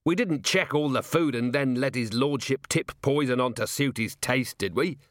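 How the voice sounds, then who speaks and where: A man voicing a gruff, sharp-minded male watch commander who questions in a brisk, impatient way. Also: mid-range voice, no room sound, studio quality, voice pushed up, natural voice. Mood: probing.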